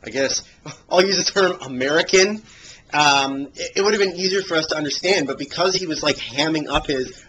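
A man's voice: a little high, brisk, a bit bright, slight background noise, rough recording. A man co-hosting a casual movie podcast, rambling with lots of fillers and restarts. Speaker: podcast co-host.

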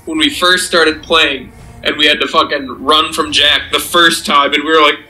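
A man's voice: on the high side, level tone, moderate pace, pushed and bright, rough recording. A man co-hosting a gaming channel, chatting in a blunt, sarcastic way with plenty of swearing. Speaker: let's play co-host. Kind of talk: casual post-game chat.

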